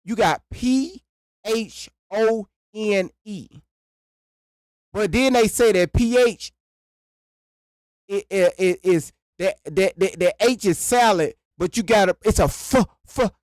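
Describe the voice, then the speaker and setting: Brief: man ranting on his home livestream, unhurried delivery, dry close sound, rambling, swearing, laughing a lot. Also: sits high, darkish tone, no room sound. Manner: rambling, profane, breaks into laughter. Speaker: livestream host. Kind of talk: casual livestream rant.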